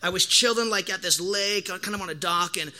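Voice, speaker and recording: High, bright-voiced young pastor preaching. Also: male voice, brisk. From Oregon, USA. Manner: animated, slangy storytelling with lively quoted asides. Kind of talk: casual sermon.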